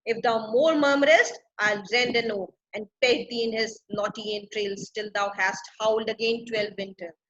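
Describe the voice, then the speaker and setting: A woman's voice: on the high side, fairly even intonation, moderate pace, hardly any pauses, fairly bright tone, lo-fi sound, natural voice. A woman reading aloud the lines of a stern male sorcerer master who threatens his servant. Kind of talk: reading verse drama aloud.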